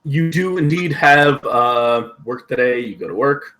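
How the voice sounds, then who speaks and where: Man, game master, slow and halting, mid pitch, faint hiss and keyboard clicks. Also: animated, fairly bright tone. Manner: slow, hesitant, many ums and uhs. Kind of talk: narrating a tabletop game over voice chat.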